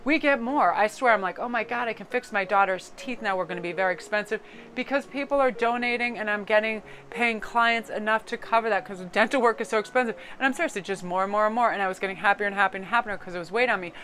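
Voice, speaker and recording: A woman's voice: medium pitch, fast, a bit bright, a little hiss or hum, low-quality recording. A middle-aged woman from Connecticut giving a casual, chatty tarot card reading. She swears casually and slips into joke accents now and then. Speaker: tarot reader.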